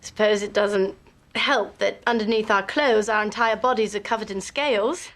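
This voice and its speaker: A woman's voice: mid-range voice, moderate pace, fairly bright tone, close to an everyday voice. An actress playing a hesitant, self-deprecating young woman with an English accent. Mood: wry.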